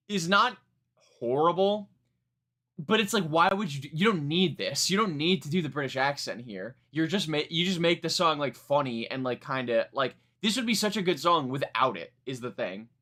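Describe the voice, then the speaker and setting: Casual male streamer, lively swooping delivery, bright edge, quick exasperated reactions. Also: a little high. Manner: animated, swears freely, exasperated asides. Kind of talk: live music reaction, casual chat.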